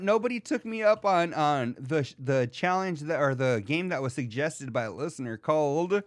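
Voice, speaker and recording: A man hosting a podcast in casual chat, rambling and excitable, with lots of filler words as he answers his live chat. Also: sits high, dry recording, clean studio sound. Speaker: podcast host.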